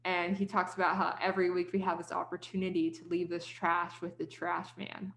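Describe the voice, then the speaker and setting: A woman's voice: fairly low pitch, level tone, brisk, creaky, a bit bright, echoey room, a little hiss or hum. A woman podcast host casually retelling a story she heard, with lots of filler "like"s and quoted dialogue.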